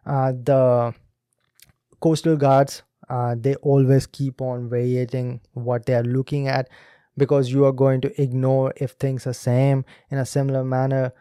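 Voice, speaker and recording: This Indian podcast host and speaking coach talks listeners through a video clip in a teacherly, direct manner. His medium-pitched voice is dark, clear and resonant, level in tone and unhurried, on a dry, studio-quality recording.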